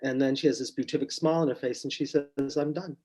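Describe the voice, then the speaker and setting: A man's voice: medium pitch, quick pace, husky. A middle-aged man, a psychotherapist, recounting a client session on a podcast, acting out the quoted lines as he goes. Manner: animated, acts out quotes with rising intensity. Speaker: psychotherapist guest. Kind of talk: storytelling in a podcast interview.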